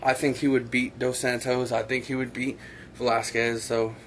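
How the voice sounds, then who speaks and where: Man, casual vlog host, rambling, blunt opinions, mid-pitched voice, faint background noise. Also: little pitch movement, normal speed, fairly bright tone. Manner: rambling and opinionated, with frequent filler phrases. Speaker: online show host.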